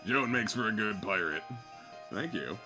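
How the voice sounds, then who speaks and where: A man hosting a stream, casually reading out fan art shout-outs, laughing often and thanking fans. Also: on the low side, expressive, moderate pace, over music.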